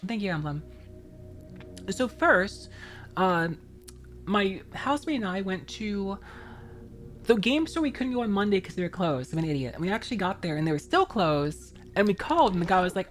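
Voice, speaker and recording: A woman's voice: mid-range voice, expressive, moderate pace, soft background music. Chatty, laughing woman game streamer. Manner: chatty, laughs often, reads and thanks viewers' chat. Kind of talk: casual live-stream chat while playing.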